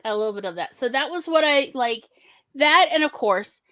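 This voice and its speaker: A woman's voice: high-pitched, animated, fairly quick, fairly bright tone, no echo, studio quality. An older woman hosting an online talk show, chatting casually and asking viewers to like and subscribe. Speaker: show host. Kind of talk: casual chat.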